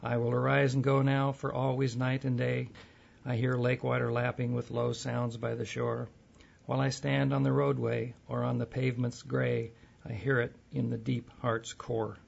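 A man speaking slowly and softly in halting, thoughtful phrases. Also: mid-range voice, flat delivery, vocal fry. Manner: slow, halting, soft-spoken. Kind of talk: casual conversation and poetry reading. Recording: dull lo-fi recording.

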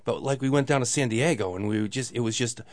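A man's voice: medium pitch, quick pace, dry recording. Rambling storyteller man, dry close sound. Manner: rambling, fills talk with "you know", acts out quoted voices. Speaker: guest, local baseball organizer. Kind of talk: casual storytelling.

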